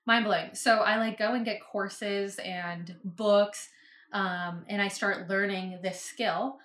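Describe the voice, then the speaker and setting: A woman's voice: medium pitch, fairly even intonation, slow pace, fairly bright tone. A woman telling her story in a casual interview, talking in a chatty way with lots of fillers. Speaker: podcast guest, business owner. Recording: roomy echo.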